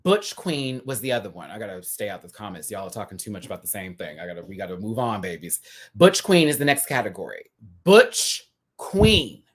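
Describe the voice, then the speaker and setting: A man's voice: lively intonation, fast. Sassy man hosting a live review. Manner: sassy and chatty, full of drag slang; laughs often, dramatic pitch swings. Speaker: host reviewing a TV episode live. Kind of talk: casual live-stream review.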